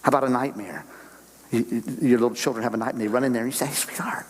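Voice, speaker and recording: A man's voice: medium pitch, fairly even intonation, rapid-fire, darkish tone, in a large hall, rough recording. An older man preaching a sermon to a church congregation in a folksy, conversational way, full of rhetorical questions. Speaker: guest speaker on missions. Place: church sanctuary.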